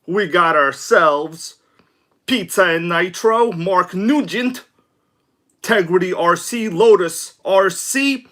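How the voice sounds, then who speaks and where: A man hosting an RC livestream, energetic and joking as he gives shout-outs to viewers. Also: sits high, takes it slowly. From from abroad. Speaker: RC livestream host. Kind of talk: excited casual livestream chat.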